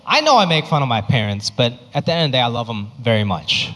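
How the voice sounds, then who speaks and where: A male stand-up comedian performing his set on a comedy club stage into a handheld mic, animated and acting out voices. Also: mid-range voice, fast, a little hiss or hum. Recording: echoey club with faint crowd.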